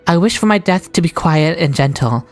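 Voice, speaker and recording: A woman reading aloud the lines of a calm, resolute dying woman from a game, in a steady, low voice. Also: moderate pace, faint music behind, lightly acted. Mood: solemn.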